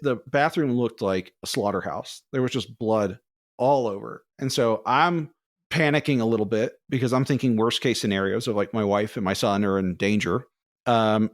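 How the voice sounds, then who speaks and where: A man co-hosting a podcast, telling long, rambling personal stories in a casual, animated way. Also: on the low side, dry recording, clean studio sound. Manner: rambling, animated, acts out quoted voices. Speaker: podcast co-host. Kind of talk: casual storytelling.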